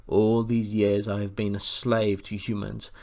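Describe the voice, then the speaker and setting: Guy doing a bossy talking warhorse, low gravelly voice, slow and stern, audiobook. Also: flat delivery, darkish tone. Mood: rueful. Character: proud talking male war horse, brisk and commanding. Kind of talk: audiobook character voice.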